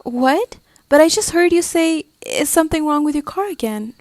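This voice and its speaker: A woman's voice: sits high, lively intonation, normal speed, no room sound, voice pushed up. A woman voicing a young woman alone at night who stammers and grows scared, in a creepy story reading. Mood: uneasy. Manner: stammering, rising and insistent.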